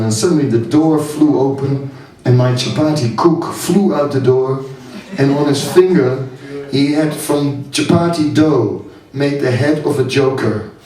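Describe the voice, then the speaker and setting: A man's voice: medium pitch, darkish tone. A man, a monk giving a seminar, telling stories with frequent chuckles. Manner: slow, chuckling, anecdotal. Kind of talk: storytelling talk. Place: hall at a summer camp. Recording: echoey hall from far off, audience.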